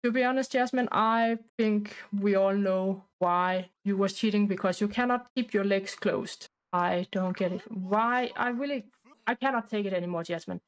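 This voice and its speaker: A woman's voice: medium pitch, normal speed, lightly acted. A woman voicing a hurt, angry husband who confronts his cheating wife with repeated, exasperated questions. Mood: bitter.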